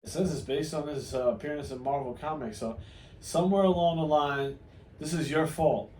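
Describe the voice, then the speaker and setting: A man's voice: a little high, normal speed, dark tone, recorded from a distance, slight background noise. A man hosting a casual toy unboxing, joking and teasing his guest, laughing often. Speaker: toy reviewer host. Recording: roomy, from off-mic.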